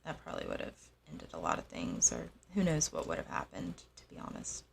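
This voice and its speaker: A young adult woman telling a personal story in a halting, soft-spoken way, with frequent pauses. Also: extremely low pitch, wildly swooping pitch, vocal fry, slight background noise. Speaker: host.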